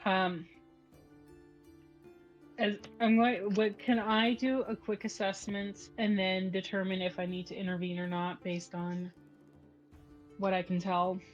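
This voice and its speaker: A woman playing in a tabletop role-playing game, asking questions in a casual, hesitant manner. Her voice comes through a slightly dull, muffled recording. Soft music plays behind her. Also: medium pitch, little pitch movement, measured pace, long pauses. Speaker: player.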